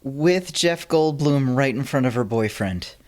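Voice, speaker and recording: A woman's voice: rumbling low, expressive, a little slow, darkish tone. A woman hosting a podcast, dry and sarcastic, with blunt comebacks. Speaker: podcast host. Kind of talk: casual podcast chat.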